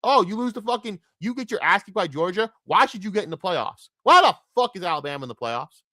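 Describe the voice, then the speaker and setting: A man rants about football on his podcast, heated and profane, jumping between loud outbursts and low grumbles. His pitch swings all over, his tone is bright and forceful, and the recording is dry and close with no room sound. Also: very animated, fast talker, no room sound. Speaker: podcast host. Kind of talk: profane sports rant.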